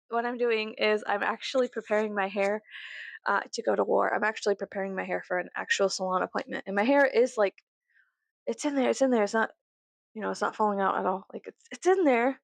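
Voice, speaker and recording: A young woman with a Southern US accent, chatting casually to camera in her bedroom, rambling and profane, with sudden loud high outbursts. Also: fairly quick, gravelly, no echo. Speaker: vlogger.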